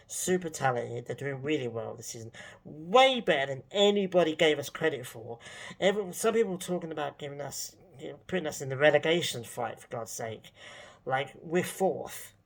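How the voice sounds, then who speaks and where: A man's voice: mid-range voice, creaky. A man, a football fan vlogger, ranting casually in an exasperated, sarcastic way, rambling with plenty of fillers.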